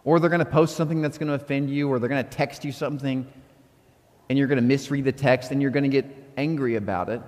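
A man preaching a sermon as pastor, telling stories conversationally and breaking into animated outbursts. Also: medium pitch, quick pace, in a large hall.

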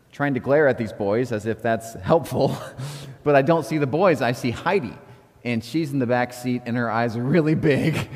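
A middle-aged pastor preaches from the pulpit in a candid, self-deprecating way, laughing at himself as he tells stories. His voice sits at an ordinary pitch for a man, and it carries a long reverb from the church sanctuary. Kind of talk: sermon.

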